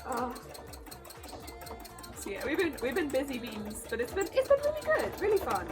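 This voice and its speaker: A young woman chatting bubbly and excitable as a craft streamer, talking while she sews. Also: high-pitched, moderate pace. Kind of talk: casual livestream chat while sewing. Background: background music and sewing machine.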